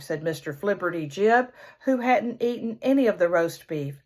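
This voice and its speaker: A woman reading a children's picture book aloud in an expressive storyteller's way, imitating the animal sounds. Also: medium pitch, moderate pace.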